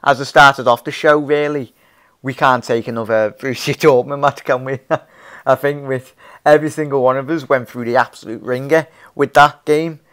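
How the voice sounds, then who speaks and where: Young male host, loose live-stream chatter, keeps restarting, laughs a lot, mid pitch. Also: fairly even intonation, normal speed, fairly bright tone, clean tone. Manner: rambling, laughs often, many restarts, calls viewers fella and mate. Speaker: fan channel host. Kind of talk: casual live-stream chat reading viewer comments.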